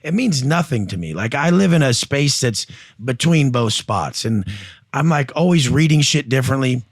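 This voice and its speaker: A man's voice: mid-range voice, expressive, moderate pace, dry recording, clean studio sound. A man coaching and telling stories on a podcast, blunt and profane, acting out other people's voices as he goes. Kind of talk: casual podcast conversation.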